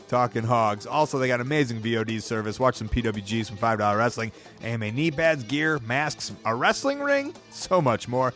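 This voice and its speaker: A man's voice: mid-range voice, fairly bright tone. A man hosting a podcast, upbeat and a little worn out from travel, rattling off dates and plugs in casual talk. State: tired from travel. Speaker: podcast host. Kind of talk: podcast outro and casual chat.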